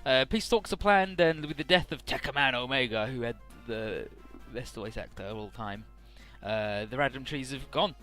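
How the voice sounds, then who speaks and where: A man recaps a game's story in casual, rambling commentary, swearing now and then. His voice is mid-pitched with a bright, forceful edge. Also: normal speed, few pauses, soft background music. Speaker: let's play host.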